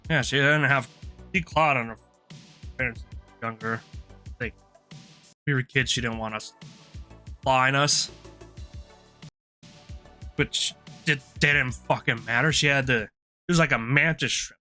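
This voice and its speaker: A man's voice: medium pitch, a little slow, pauses often, sharp tone, faint music behind. A man streaming live, telling a long rambling story in casual chat, laughing often and restarting his sentences.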